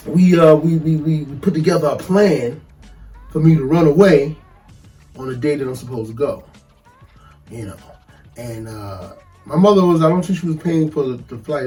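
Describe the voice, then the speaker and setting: Animated man telling a story, distant mic. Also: a little high. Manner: animated, profane, laughs often, acts out quoted voices. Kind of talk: casual storytelling.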